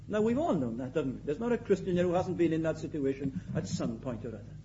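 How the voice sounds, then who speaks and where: A man preaching a sermon in an emphatic way, repeating his key phrases and swinging between loud and quiet. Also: a little high, expressive, fast talker, dull audio, a little hiss or hum.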